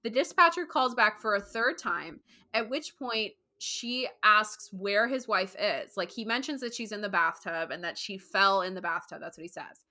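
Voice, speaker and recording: A woman hosts a true crime podcast in easy, casual talk. Her voice is bright and forward. She tells the case with animated outrage and curses often. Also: mid-range voice, normal speed. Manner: animated, swearing, mimics people in quotes.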